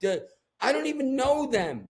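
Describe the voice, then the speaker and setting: A man's voice: very high voice, normal speed. A man with a New York accent hosting a podcast, ranting and swearing in casual chat. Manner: profane, ranting, animated. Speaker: podcast host.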